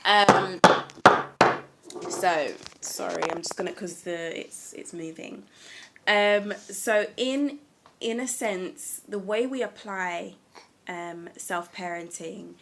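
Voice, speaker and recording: A woman speaking at home in a casual self-help talk, gentle and earnest, often restarting her sentences. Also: mid-range voice, background noise. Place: at home with a small child nearby.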